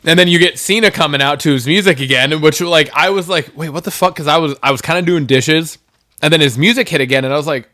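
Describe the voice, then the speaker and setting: A man co-hosting a casual podcast, retelling events excitedly and swearing freely. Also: mid-range voice, brisk, smooth. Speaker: podcast co-host.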